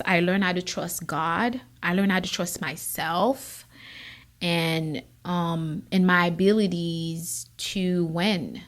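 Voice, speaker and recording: A woman attorney hosting her own show, giving an earnest personal testimony and sometimes close to tears. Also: lowish voice. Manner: emotional, near tears at times; earnest, encouraging. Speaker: podcast host, immigration attorney.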